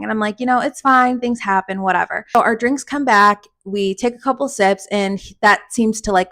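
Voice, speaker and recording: A young adult woman hosting a podcast, telling a personal story in a casual, animated way and swearing freely. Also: medium pitch. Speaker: podcast host.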